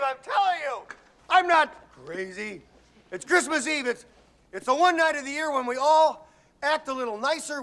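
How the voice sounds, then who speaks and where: An actor playing a middle-aged male TV executive giving an emotional, stammering speech that rises into shouts. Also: very high-pitched, full character voice. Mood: earnest. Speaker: film character delivering a speech. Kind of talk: film dialogue.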